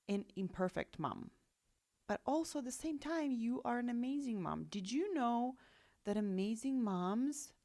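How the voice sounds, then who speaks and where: A woman's voice: medium pitch, no room sound, studio quality. A woman with a Russian accent hosting a solo podcast as a life coach, talking in a reassuring, conversational way and often checking in with "right?" and "okay?".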